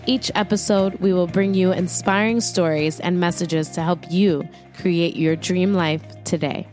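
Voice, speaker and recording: A woman's voice: fairly low pitch, steady tone, a little mellow, faint music behind. Effusive woman podcast host. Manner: upbeat and effusive, quick bursts of enthusiasm. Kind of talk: casual interview chat.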